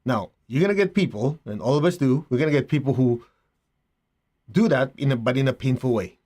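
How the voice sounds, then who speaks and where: A middle-aged man, a spiritual teacher, giving a slow, reflective talk with rhetorical asides. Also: medium pitch, mellow.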